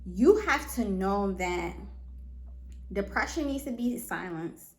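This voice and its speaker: A woman hosts a motivational solo podcast in an animated, medium-pitched voice, taking her time. She speaks earnestly and emphatically, repeats phrases, and often checks that the listener understands, all in an echoey room.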